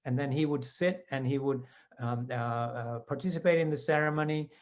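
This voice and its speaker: A man's voice: mid-range voice, fairly even intonation, moderate pace. Conversational man telling personal stories. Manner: conversational, with many asides and self-corrections. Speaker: devotee sharing personal experiences. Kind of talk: personal storytelling talk.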